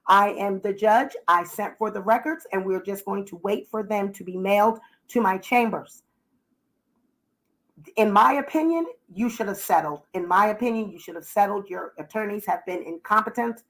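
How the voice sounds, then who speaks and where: A woman's voice: medium pitch, close to an everyday voice, low-quality recording. Stern lecturing judge, a woman voicing him, firm and impatient.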